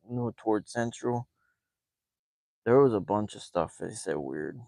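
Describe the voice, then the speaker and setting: A rambling, amused man who drifts from story to story and laughs often. His voice sits on the low side, recorded close and dry with no room sound. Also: creaky, darkish tone, no room sound. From West Virginia and Ohio. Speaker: fishing vlogger. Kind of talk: casual storytelling.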